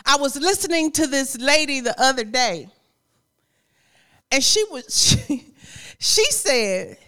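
High, bright-voiced woman preaching. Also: slow, pauses often. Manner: conversational, lively preaching with repetition and frequent laughter; addresses the congregation directly. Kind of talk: sermon.

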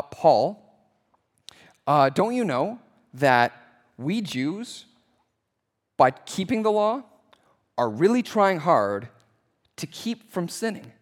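A man's voice: a little high, long reverb tail. A man putting on the voice of a snarky teen who argues back with needling, sarcastic questions.

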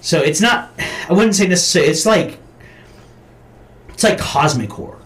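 A podcast co-host with a high, animated, fairly bright voice speaks at a moderate pace. In casual chat, he retells a film scene in a rambling, profane way.

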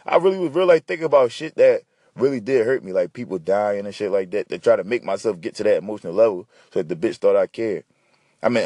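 Blunt, profane podcast man, gravelly. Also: fairly low pitch, dark tone, no echo, studio quality. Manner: blunt, profane, rambling advice. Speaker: podcast host. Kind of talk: unscripted casual monologue.

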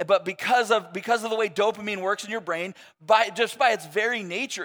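A man in his thirties preaching a sermon in a relaxed, conversational way, with joking asides and many restarts. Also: high voice, brisk, hardly any pauses. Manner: conversational, self-deprecating, jokey asides. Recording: long reverb of a large hall.

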